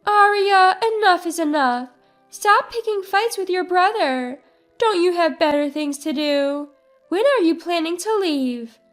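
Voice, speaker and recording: A woman's voice: very high-pitched, animated, slow pace, hardly any pauses, faint music behind, pitched above the performer's own voice, exaggerated voice. A woman voicing a bossy, spiteful middle-aged mother who scolds in a raised voice. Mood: scolding.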